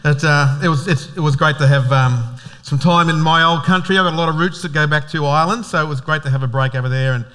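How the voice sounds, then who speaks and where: An Australian man preaching to his church in an easygoing, chatty way. He jokes and rambles, stumbling over fillers and restarts. His voice sits a little higher than most men's. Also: quick pace, sharp tone. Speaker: pastor. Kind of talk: casual sermon.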